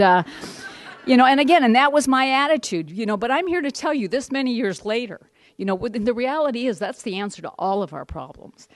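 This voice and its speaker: A woman's voice: medium pitch, dry recording. A middle-aged woman giving a candid, rambling personal testimony at a support group meeting, with wry asides and many restarts.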